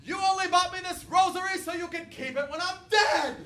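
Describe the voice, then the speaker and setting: A man voicing a fiery, theatrical old Sicilian grandmother who shouts melodramatic accusations. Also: extremely high pitch, fairly quick, very noisy, pitched above the performer's own voice. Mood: melodramatic wailing. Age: older.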